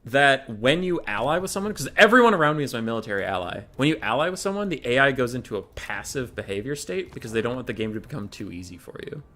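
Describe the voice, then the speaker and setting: A man's voice: medium pitch, sing-song, fast, hardly any pauses, pushed and bright. A young man casting a gaming tournament in casual, profane, exasperated commentary. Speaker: tournament caster.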